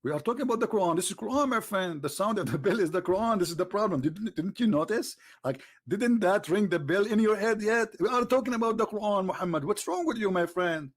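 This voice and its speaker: A man argues with a caller on a live web show. He sits a bit high in pitch and mocks the caller, cutting him off again and again. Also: expressive, fast, hardly any pauses. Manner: mocking, talks over the caller, switches to a low aside voice. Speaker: host. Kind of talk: debate with a caller.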